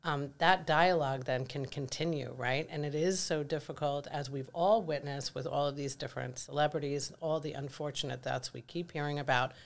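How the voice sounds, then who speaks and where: A woman's voice: low voice, steady tone, moderate pace, gravelly, few pauses. A middle-aged woman co-hosting a podcast, talking candidly and reflectively in casual chat. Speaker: podcast co-host.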